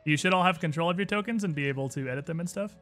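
A man narrating a tabletop role-playing game as game master, in a relaxed, rambling way. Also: a little high, rapid-fire, soft background music.

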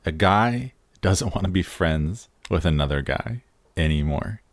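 A man co-hosting a film podcast, talking casually in a rambling, halting way and chuckling. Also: low-pitched, lively intonation, no echo, clean studio sound. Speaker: podcast co-host. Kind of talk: casual film review chat.

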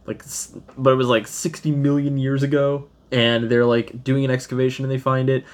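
Man, 30s, podcast co-host; loose rambling chat, average pitch, frequent laughs. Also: flat delivery, normal speed. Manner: rambling, laughs often, does goofy voices when retelling scenes. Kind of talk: casual chat.

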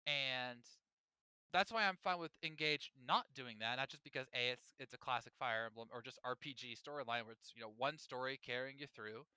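A man co-hosting a casual gaming podcast, animated and chatty, often restarting his sentences. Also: mid-range voice, brisk, clear, resonant tone, no echo. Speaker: podcast co-host.

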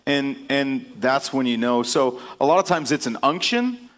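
Male group leader, mid-pitched voice, affirming and casual church talk. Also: lively intonation, moderate pace, fairly bright tone. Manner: affirming, informal, with restarts. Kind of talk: leading a church group discussion.

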